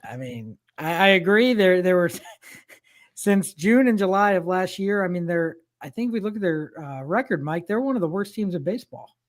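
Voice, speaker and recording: A man's voice: high voice, normal speed. An older man co-hosting a podcast, chatting casually and wryly about sports with frequent restarts. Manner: rambling, restarts, wry. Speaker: podcast co-host.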